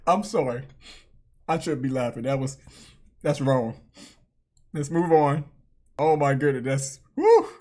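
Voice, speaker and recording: Woman, reaction video host, laughs often, loud exclamations, slow-paced. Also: a bass voice. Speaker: channel host.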